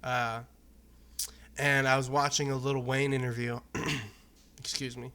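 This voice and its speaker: Young man from Arizona, casual vlogger, candid and profane, bright voice with a flat delivery. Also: mid-range voice, slow pace, smooth. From Arizona, USA. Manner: candid, loose, profane, rambling. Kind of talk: casual personal talk to camera.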